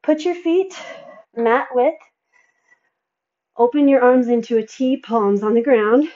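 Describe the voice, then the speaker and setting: A woman's voice: a little high, takes it slowly, warm tone, dull audio. A woman fitness instructor coaching a workout, counting reps and encouraging, sighing and a bit out of breath between exercises.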